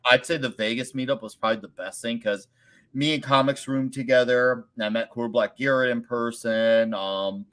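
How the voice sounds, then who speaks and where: Relaxed man telling rambling stories. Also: mid-range voice, normal speed. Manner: rambling, relaxed storytelling with many fillers. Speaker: guest creator. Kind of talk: casual interview chat.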